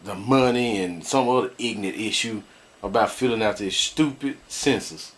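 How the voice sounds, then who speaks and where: A man's voice: on the low side, moderate pace, fairly bright tone. A married man vlogging, ranting bluntly to his viewers and laughing often as he complains. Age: adult, married. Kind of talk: casual ranting commentary.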